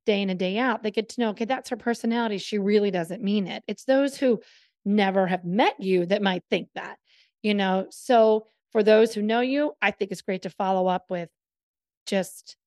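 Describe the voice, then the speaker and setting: Calm explaining woman, dry sound. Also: mid-range voice, dry recording. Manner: measured, explanatory, gives tips. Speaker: co-host. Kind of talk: casual chat.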